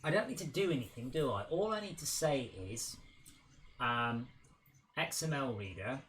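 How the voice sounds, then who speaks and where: A man's voice: mid-range voice, expressive, moderate pace, fairly bright tone, slight background noise. A young man, a game developer, chatting casually on a livestream while he works, thinking aloud and often trailing off mid-sentence. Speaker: game developer streaming his work.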